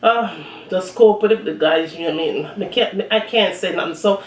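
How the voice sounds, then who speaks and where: A woman's voice: lowish voice, brisk. Jamaican woman chatting frankly, roomy distant sound. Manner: blunt, speaks in Jamaican patois. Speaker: cooking channel host. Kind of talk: casual mukbang chat. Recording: roomy audio from a distant mic.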